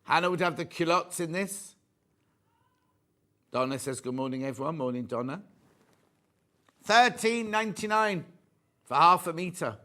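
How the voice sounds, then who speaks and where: A man's voice: sits high, a little slow, pauses often, pushed and bright. An English man presenting a live shopping show, chatting jokily, reading out viewer messages and showing fabrics. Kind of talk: live home shopping chat. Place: TV studio.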